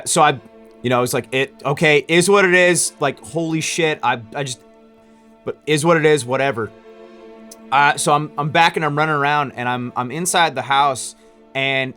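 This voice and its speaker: A man tells a story in a casual vlog about running his own business. His pitch sits in the middle, and his talk rambles with lots of fillers and false starts. Faint music plays underneath. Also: bright, forceful tone. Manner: rambling, with frequent restarts and fillers. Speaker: small business owner.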